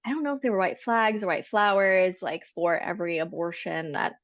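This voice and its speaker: A woman's voice: lowish voice, expressive, brisk, no echo. A woman guest in a casual interview chat, speaking frankly and emphatically. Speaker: podcast guest. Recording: dry, dull lo-fi sound.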